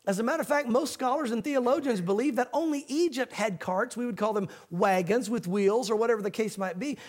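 Man, high voice, pastor, conversational sermon, folksy asides. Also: a little fast, darkish tone.

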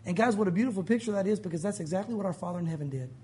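A man's voice: high-pitched, racing, dark tone, slight background noise. A male pastor preaching a sermon at a church service, urgent and emphatic.

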